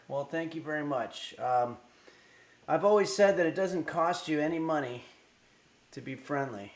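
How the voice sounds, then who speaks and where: A man's voice: a little high, moderate pace. Rambling man streaming from an echoey room. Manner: rambling, reads chat messages aloud with many fillers. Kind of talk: casual livestream chat. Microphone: desk microphone.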